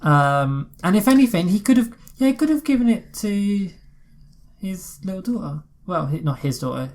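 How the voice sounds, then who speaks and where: A woman's voice: medium pitch, lively intonation, normal speed, darkish tone. A woman co-hosting a podcast, chatting casually about a film with joking asides and the odd swear word. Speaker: podcast co-host.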